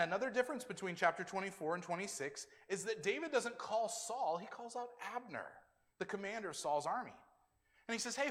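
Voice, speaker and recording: A male pastor with a somewhat high, slightly bright voice preaches a sermon conversationally, voicing the quoted lines himself. A long hall reverb surrounds the recording.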